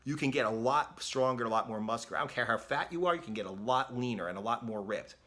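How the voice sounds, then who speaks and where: A man of middle pitch delivers a blunt fitness rant straight to camera. He swears freely, mocks excuses in quick quoted asides, and drives each point home with a pushy "okay?". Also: bright, forceful tone. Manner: blunt and profane, repeats "okay?". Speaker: fitness coach. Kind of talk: direct-to-camera motivational rant.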